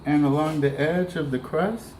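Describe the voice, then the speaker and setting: A man giving a relaxed, chatty cooking demonstration, talking through each step as he works. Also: a little high, moderate pace, reverberant, slight background noise, low-quality recording. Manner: relaxed, chatty, talks while working. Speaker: cooking instructor.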